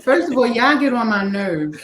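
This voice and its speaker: Woman host, lively intonation, sassy and teasing, noisy recording. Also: on the high side, moderate pace. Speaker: podcast host. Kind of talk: casual chat.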